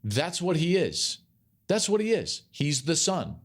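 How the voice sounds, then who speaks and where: A man's voice: on the high side, huge pitch swings, unhurried, husky. A man hosting a sports podcast, giving emphatic solo commentary and repeating key phrases for effect. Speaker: podcast host and college football analyst.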